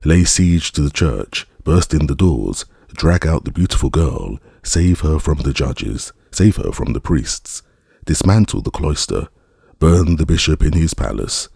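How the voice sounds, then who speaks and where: A man's voice: rumbling low, animated, unhurried, gravelly, darkish tone, slightly rough, dry recording, clean studio sound, full character voice. A man voicing a boastful young male rogue in armor in an audiobook, with rowdy, swaggering declamation.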